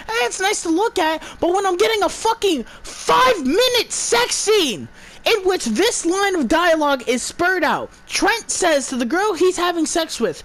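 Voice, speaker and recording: A woman's voice: extremely high pitch, expressive, moderate pace, fairly bright tone. A woman giving an exasperated, profane movie review, stumbling and restarting her words as she rants.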